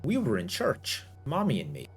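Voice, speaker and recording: A man's voice: medium pitch, wildly swooping pitch, moderate pace, voice pushed up. A man voicing a young woman with a child's mind who speaks in short, simple, childlike sentences, read aloud as a story. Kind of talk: audiobook-style reading.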